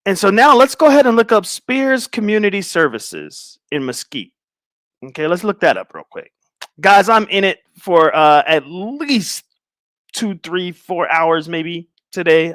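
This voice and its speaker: A man's voice: fairly high pitch, lively intonation, a little slow, a bit bright, no room sound, clean studio sound. A man hosting a casual livestream, rambling and distracted as he talks to viewers in chat. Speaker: livestream host.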